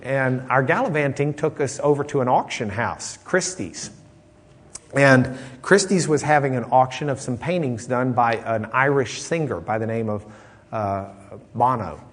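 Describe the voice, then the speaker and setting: A man's voice: mid-range voice, unhurried. Rambling male Bible teacher in a reverberant hall. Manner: rambling, anecdotal, frequent restarts and fillers. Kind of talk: casual Bible class lecture.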